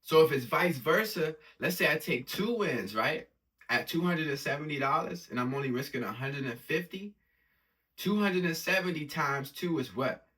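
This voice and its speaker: In this laid-back screen-recorded trading vlog, a male forex vlogger hypes up his trades with lots of slang, explaining the risk and reward one step at a time. He speaks at a moderate pace in a fairly high, animated voice that sounds pushed and bright.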